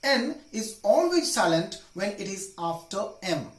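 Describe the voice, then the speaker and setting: Male teacher, high lively voice, slow drilling delivery, echoey room. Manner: slow, repeats words for drill. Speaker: English teacher. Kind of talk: pronunciation lesson.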